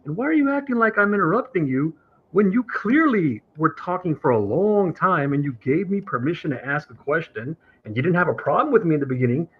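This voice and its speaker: This caller to a live stream is animated and fairly quick, with a breathy edge to his voice. Aggrieved and lecturing, he mocks those he quotes in a higher pitch, heard through dull lo-fi stream sound.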